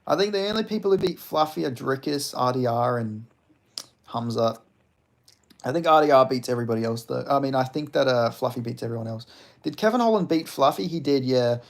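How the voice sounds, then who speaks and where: Gravelly young man chatting on stream. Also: mid-range voice, lively intonation, fairly quick. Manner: loose, laughing, swearing freely. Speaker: livestream host reading chat. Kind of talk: casual stream chat.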